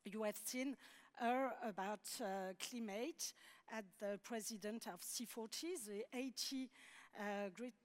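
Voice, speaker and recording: A middle-aged woman with a French accent, answering on a conference panel in English, often pausing and restarting as she searches for words. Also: on the high side. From France. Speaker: deputy mayor panelist.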